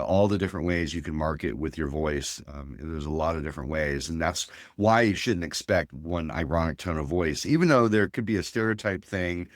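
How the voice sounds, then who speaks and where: A man's voice: very deep voice, no echo, clean studio sound. A man as a guest researcher, explaining his work in a thoughtful interview with many fillers and restarts. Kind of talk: academic interview talk.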